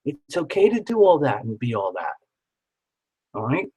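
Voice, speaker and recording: A man's voice: mid-range voice, sing-song, moderate pace, pauses often, warm tone, slightly rough, rough recording. A man doing a live tarot reading, chatty and encouraging, who repeats words for emphasis. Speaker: tarot reader.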